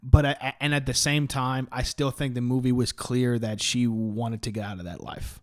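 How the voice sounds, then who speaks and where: A man co-hosting a casual film review podcast, eager and quick to agree, swearing often. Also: medium pitch, fairly even intonation. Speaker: podcast co-host.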